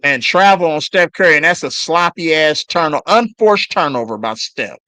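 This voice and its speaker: Animated, cussing fan play-by-play man. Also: on the high side, moderate pace, dry recording. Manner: excited, profane trash talk at players. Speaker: live stream commentator. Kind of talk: fan play-by-play watch-along.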